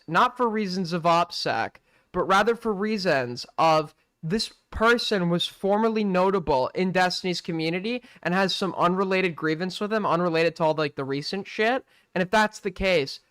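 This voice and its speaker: Bright, sarcastic male co-host. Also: high voice, clear, resonant tone, no echo, clean studio sound. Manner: sarcastic, scornful asides. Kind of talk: sarcastic stream commentary. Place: streaming setup.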